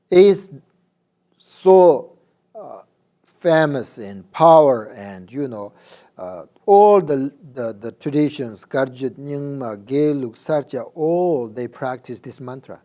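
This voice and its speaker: Male dharma teacher; slow, halting delivery, frequent check-ins. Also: medium pitch, mellow. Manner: halting, many fillers, checks understanding. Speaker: Buddhist teacher.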